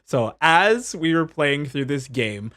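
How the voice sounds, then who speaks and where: A man casually narrating highlights from his game stream, upbeat and chatty, laughing as he explains. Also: very animated, slow, fairly bright tone. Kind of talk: casual commentary over stream clips.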